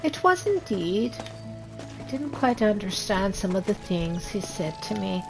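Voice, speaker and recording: A woman voices a wood elf character in a game, drifting through a meandering tale with a gravelly, slow delivery. Game music plays clearly under her words. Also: medium pitch, big pitch swings, rough recording. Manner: rambling storytelling, trails off and restarts. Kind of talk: in-character game role-play.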